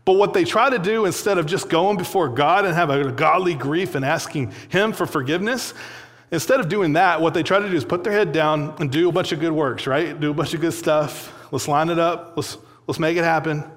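A man's voice: a little high, fairly quick, fairly bright tone. A young man giving a sermon, telling a personal story in a loose, conversational way full of fillers and little laughs. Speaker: pastor. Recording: long hall reverb.

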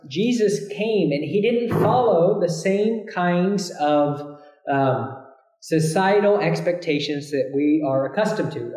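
Guy preaching, kinda high voice, gets loud and intense on the scripture bits, echoey room. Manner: emphatic, rises sharply when quoting scripture, many restarts. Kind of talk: sermon.

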